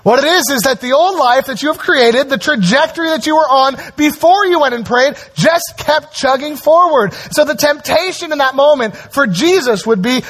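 A man preaching a sermon as pastor, animated and conversational, with frequent asides to the congregation. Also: extremely high pitch, normal speed, hardly any pauses.

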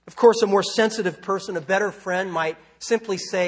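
Husky high-voiced male preacher. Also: a little fast, few pauses. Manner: conversational preaching with rhetorical questions. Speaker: pastor. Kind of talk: sermon.

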